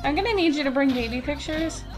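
A woman's voice: high-pitched, expressive, quick pace. A young woman co-hosting a let's play, teasing and giggling in casual banter. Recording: loud game music behind.

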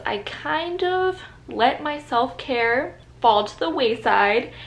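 A woman vlogging about books in a chatty, excitable way, filming at home. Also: sits high. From Florida, USA. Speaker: book vlogger. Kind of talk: casual vlog chat. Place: home, partly outdoors.

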